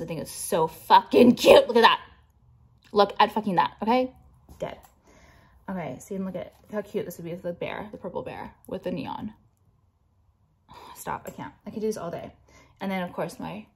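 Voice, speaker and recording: A young woman designer vlogging casually, showing jewelry and ranting bluntly with lots of swearing and fillers. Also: mid-range voice.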